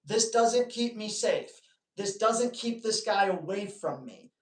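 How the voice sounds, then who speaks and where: A man's voice: sits high, expressive, slow pace, echoey room. Scared crated dog, voiced by a man, plainly spoken, distant mic. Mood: fed up. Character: frightened dog in a crate, male.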